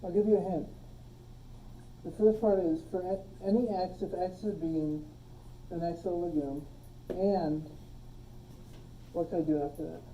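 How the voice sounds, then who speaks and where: A woman teaching a logic class, relaxed, quizzing her students and joking with them, recorded on a phone in a classroom. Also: fairly low pitch, moderate pace, pauses often, far from the mic, slight background noise, rough recording. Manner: relaxed, asks the class questions and jokes. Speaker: logic instructor. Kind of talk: classroom lecture. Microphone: phone streaming the class.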